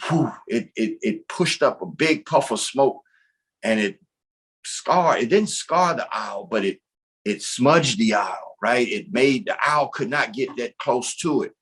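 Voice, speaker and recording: A man from North Carolina telling a creation story aloud, in an animated, conversational manner and often checking in with "right?". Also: mid-range voice, unhurried, breathy edge. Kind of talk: oral storytelling of a creation tale.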